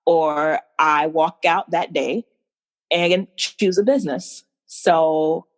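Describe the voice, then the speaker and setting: A woman from New Jersey, a guest in an interview, telling her own story in a lively way and acting out the lines of the people in it. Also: slow. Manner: animated, acts out quoted dialogue with big pitch swings. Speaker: entrepreneur guest.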